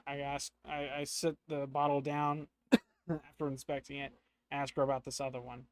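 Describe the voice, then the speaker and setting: A man's voice: mid-range voice, flat delivery, moderate pace, clean tone. Man musing through a solo tabletop game. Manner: musing, thinking aloud. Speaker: solo tabletop player and narrator.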